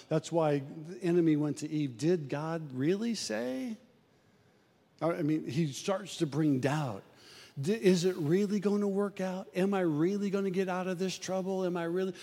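A man preaching a sermon to a church, animated and acting out the voices he quotes. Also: big-room sound. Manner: animated preaching, acts out quoted voices, rises and drops in pitch.

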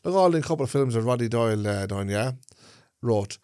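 A man's voice: mid-range voice, animated, fairly quick, a little mellow, clean tone, dry recording. Middle-aged Irish Traveller man, co-host, rambling chat, dry close sound. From Ireland. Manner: rambling, keeps checking he is understood. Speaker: podcast co-host. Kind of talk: casual chat.

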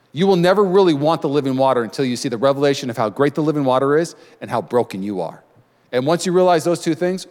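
Energetic preaching man in a reverberant hall. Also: a little high. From United States. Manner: energetic, animated preaching with dramatized quotes. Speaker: pastor. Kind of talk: sermon.

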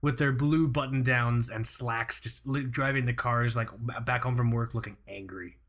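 A man's voice: mid-range voice, steady tone, normal speed, a bit bright. A man co-hosting a podcast in casual chat, joking and swearing loosely as he talks. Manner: loose, profane, laughing banter. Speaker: podcast co-host.

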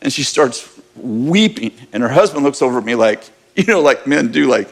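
A man's voice: medium pitch, animated, moderate pace. A man preaching as pastor, telling a personal story in a casual, candid way and laughing now and then. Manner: conversational, candid, with bursts of laughter. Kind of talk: sermon storytelling.

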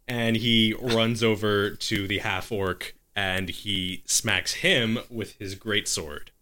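A man's voice: fairly low pitch, fairly even intonation, slow, hardly any pauses, pushed and bright. A man narrating as game master of a tabletop game, improvising the action and stopping to correct himself.

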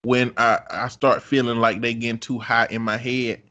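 A man's voice: mid-range voice, little pitch movement, normal speed, bright, forceful tone. Jokey, profane man in casual chat. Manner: profane, jokey, laughs often.

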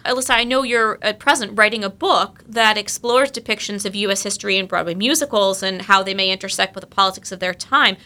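A woman on a podcast panel speaks with a bright, sharp-toned voice. She builds a careful, formal question, reading out a quote along the way. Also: mid-range voice, fast, hardly any pauses.

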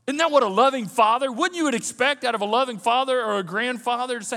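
A man preaching a sermon as the pastor, telling the story in an animated way and acting out the scenes. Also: very high voice, fairly quick, hardly any pauses, in a large hall.

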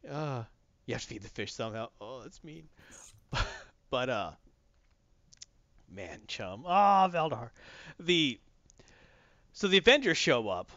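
A man's voice: mid-range voice, a bit bright, dry recording. A man in a casual chat, animatedly retelling a comic story and quoting its characters, on a dull lo-fi recording. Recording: dull lo-fi, dry.

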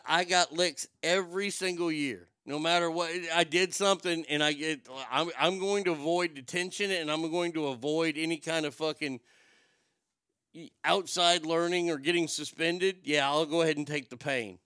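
Crisp, bright-voiced man telling stories. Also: on the high side, steady tone, normal speed, dry recording, studio quality. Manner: profane, wisecracking, mimics voices. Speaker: storyteller. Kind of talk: casual storytelling monologue.

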